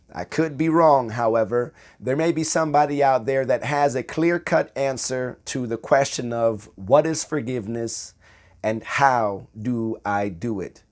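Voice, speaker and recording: A man giving a slow, conversational bible teaching, repeating phrases for emphasis. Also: mid-range voice. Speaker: preacher.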